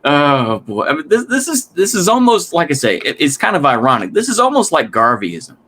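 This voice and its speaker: A man's voice: fairly high pitch, huge pitch swings, moderate pace, fairly bright tone. A man hosting a casual reaction commentary, rambling with restarts and swearing in exasperation. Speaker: commentary host.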